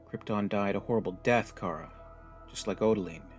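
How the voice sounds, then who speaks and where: A man's voice: fairly low pitch, moderate pace, faint music behind, natural voice. Hopeful Kryptonian hero, earnest and encouraging, voiced by a male storyteller. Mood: solemn.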